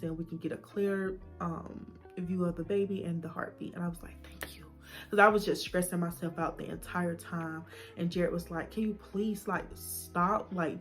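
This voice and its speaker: Emotional young woman vlogger telling her story. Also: on the low side. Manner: emotional retelling, acting out quoted dialogue, drops to whispers. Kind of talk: personal storytime vlog.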